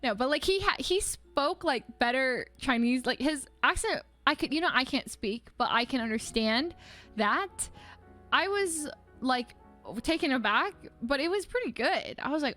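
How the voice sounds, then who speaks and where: A young woman with a high, light voice chats casually on her livestream, rambling through a story with lots of "like." Faint music plays softly behind her. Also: animated, normal speed. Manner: rambling storytelling full of "like", with laughter. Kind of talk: casual chat.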